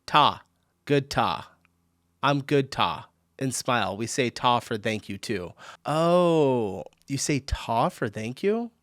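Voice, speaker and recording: A man's voice: medium pitch, animated, slow, fairly bright tone, no echo, studio quality. An American man hosting a reaction video, chatting casually, thinking aloud and often laughing between comments.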